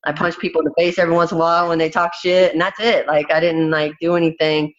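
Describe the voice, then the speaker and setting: A woman's voice: low-pitched, flat delivery, quick pace, muffled recording. A woman fighter speaking bluntly and frankly in a candid interview, swearing freely.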